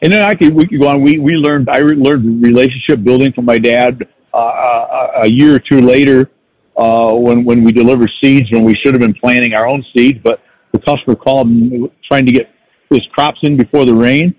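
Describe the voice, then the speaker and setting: A man's voice: mid-range voice, fairly even intonation, brisk, a little mellow, dry recording, dull audio. An older man, a sales professional and podcast guest, telling stories in a reflective way with many restarts. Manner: reflective storytelling with frequent restarts. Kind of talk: casual podcast conversation.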